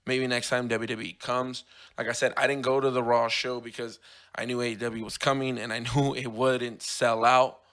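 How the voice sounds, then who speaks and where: A hoarse man talks through his solo podcast, his voice worn rough after losing it days earlier. He rambles in an easygoing way, restarting sentences and correcting himself as he goes. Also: medium pitch, level tone, normal speed, a bit bright. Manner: rambling, self-correcting, fan talk. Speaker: podcast host. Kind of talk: casual solo podcast chat.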